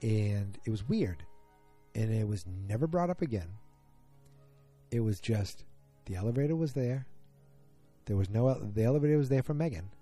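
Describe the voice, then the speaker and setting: A man's voice: fairly low pitch, expressive, normal speed, long pauses, dark tone, soft background music. A man casually recapping a TV episode, musing aloud and trailing off with ums and restarts, speaking straight to his listeners.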